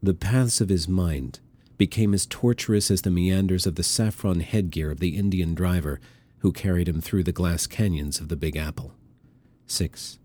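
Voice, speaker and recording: Deep-voiced male audiobook narrator. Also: warm tone. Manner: measured and deliberate. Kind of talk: scripted narration.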